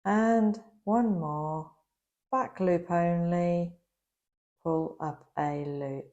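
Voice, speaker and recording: Slow, gravelly-voiced woman teaching crochet. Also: fairly low pitch, mellow. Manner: slow, patient, instructional. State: slightly losing her voice. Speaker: crochet instructor. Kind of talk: step-by-step craft tutorial.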